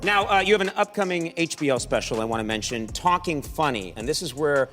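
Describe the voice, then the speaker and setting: A talk show host, a man with a high, lively voice that jumps around. He teases his guest playfully, with music clearly playing behind him. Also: fairly quick. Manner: playful, teasing.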